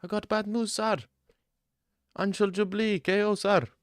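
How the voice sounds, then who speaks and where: A man's voice: high-pitched, level tone, measured pace, no echo, studio quality, voice pushed up. A man putting on a singsong, sir-saying mock Indian accent. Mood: excitable. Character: overly polite man with an exaggerated Indian accent.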